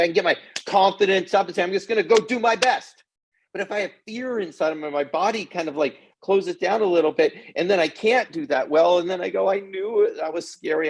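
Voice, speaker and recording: A middle-aged man giving an energetic motivational talk to kids as a confidence coach, often checking in with "okay?". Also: sits high, slightly rough.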